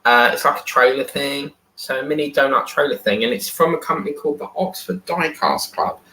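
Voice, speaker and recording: A man's voice: medium pitch, fairly quick, pushed and bright. A man hosting a live stream in casual chat, reading and answering viewer comments aloud. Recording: echoey room.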